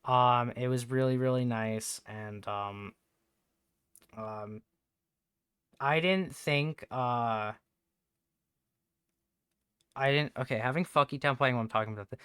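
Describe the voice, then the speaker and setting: A man streaming from home, chatting casually in a rambling, halting way, swearing often. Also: mid-range voice, bright, forceful tone, clear, resonant tone, dry recording, clean studio sound. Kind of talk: casual livestream chat.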